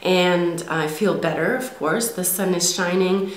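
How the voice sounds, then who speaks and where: A woman's voice: lowish voice, fairly even intonation, unhurried, reverberant, poor audio. A woman, congested from a cold, chatting hesitantly with lots of ums through a makeup review at home. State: stuffy nose from a cold. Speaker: beauty vlogger. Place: home, in daylight.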